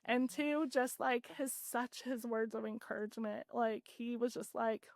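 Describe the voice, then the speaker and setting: A woman's voice: a little high, unhurried, no echo. A woman guest on a podcast, earnestly retelling her story in casual talk with lots of "like"s. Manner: earnest, animated retelling with many "like"s.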